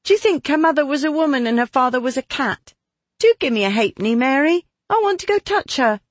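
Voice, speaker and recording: Man doing an eager, high-voiced young woman. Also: huge pitch swings, no room sound, heavily acted. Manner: eager, rapid, high-pitched exclamations. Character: excitable, chatty young woman.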